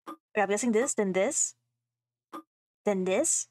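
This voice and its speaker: A woman's voice: mid-range voice, unhurried, long pauses, darkish tone, faint music behind. A young woman playing a game, reading its texts aloud and reacting with casual, laughing, swearing commentary. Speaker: gaming streamer. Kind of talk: casual let's play commentary.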